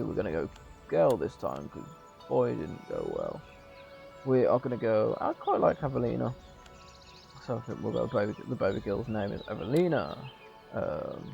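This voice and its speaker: Croaky-voiced male gaming streamer. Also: mid-range voice, wildly swooping pitch, normal speed, darkish tone. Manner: chatty, reads narration with small slips and restarts. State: slightly croaky. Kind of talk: casual let's-play commentary, reading game text aloud. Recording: dull lo-fi mic with faint music.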